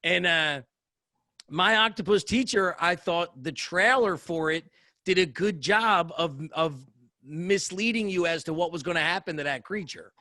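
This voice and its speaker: A man's voice: high voice, measured pace, sharp tone, dry recording. A man co-hosting a podcast, rambling in casual chat and swearing heavily for emphasis. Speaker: podcast co-host.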